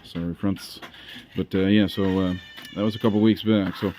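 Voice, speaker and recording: A man's voice: sits low, steady tone, normal speed, dark tone, slight background noise. A man chatting casually as a vlogger, rambling and hesitant, with many fillers and repeated words.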